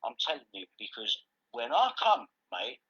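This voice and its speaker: A man's voice: mid-range voice, big pitch swings, normal speed, bright, forceful tone, slightly rough. A man ranting angrily on a livestream, swearing constantly and confrontational. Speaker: livestream host. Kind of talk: angry ranting chat. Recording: dull lo-fi sound.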